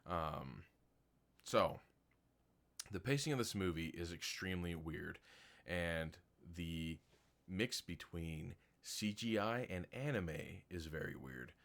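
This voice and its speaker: A movie reviewer with a very low, creaky, slightly bright voice gives a loose, unscripted spoken review of a film at a slow pace. Blunt and critical yet quick to laugh, he fills his speech with "like" and "um."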